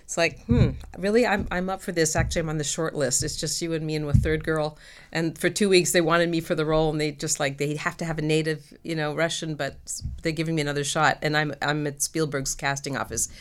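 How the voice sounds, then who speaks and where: A middle-aged actress chatting as an interview guest, telling animated stories and laughing often. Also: female voice, low-pitched, quick pace. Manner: animated storytelling with frequent laughs. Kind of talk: casual interview chat.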